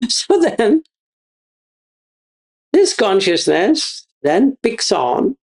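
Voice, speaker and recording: A man's voice: high voice, sing-song, drawn-out words, pauses often. A man giving a Buddhist teaching, repeating his phrases and asking rhetorical questions. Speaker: meditation teacher.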